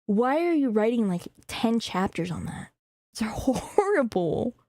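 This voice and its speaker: A woman's voice: a little high, very animated, a little slow, a little mellow, no echo, clean studio sound. A young woman streamer chatting casually, rambling, swearing freely and laughing often. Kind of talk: casual chat.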